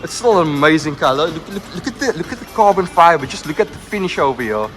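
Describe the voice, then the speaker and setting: A young man narrating a walkaround tour of a car showroom, full of excitement, repeating himself and leaning on "like" and "look at". He talks into a handheld camera mic indoors. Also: a little high, fast talker, faint music behind. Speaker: car vlogger.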